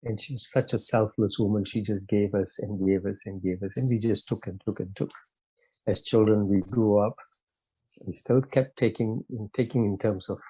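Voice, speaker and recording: Husky, low-voiced man guest. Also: steady tone, warm tone, rough recording. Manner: halting, with repeated restarts. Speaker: interview guest. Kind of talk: candid personal reflection.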